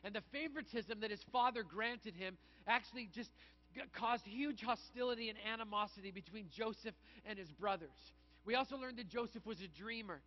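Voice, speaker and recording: A pastor with a high, light male voice delivers a conversational sermon a little fast, slipping into acted asides. The recording sounds dull and lo-fi.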